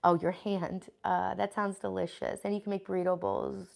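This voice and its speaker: A woman's voice: medium pitch, flat delivery, moderate pace, gravelly. A woman in her thirties chatting casually on a livestream, reading viewer comments and planning meals in a scattered, rambling way. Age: 30s. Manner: chatty, scattered, frequent "um" and "like" while listing groceries. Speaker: livestream host.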